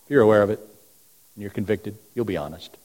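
A man preaches in a church sanctuary, his voice mellow and dark, carried by a long hall reverb. He asks rhetorical questions in a row and swings from booming emphasis to hushed, low lines. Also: fast talker. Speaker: pastor. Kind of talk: sermon.

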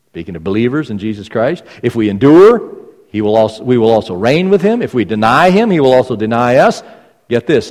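A man's voice: mid-range voice, darkish tone. A man preaching a sermon as pastor, emphatic and repeating phrases for stress. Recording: long reverb of a large hall.

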